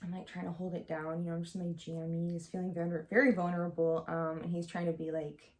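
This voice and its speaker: A woman's voice: lowish voice, flat delivery, fast, darkish tone. A young woman telling a personal story to camera in a casual, candid way, full of "like" and "um". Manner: chatty, heavy use of "like" and "um", candid. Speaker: vlogger.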